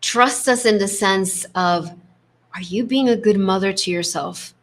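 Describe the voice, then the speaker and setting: A woman hosting a spiritual leadership coaching talk, speaking in a gentle, affirming way with a constant "right?" tag and acting out inner voices. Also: medium pitch, a little slow. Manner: acts out inner voices with shifts in tone.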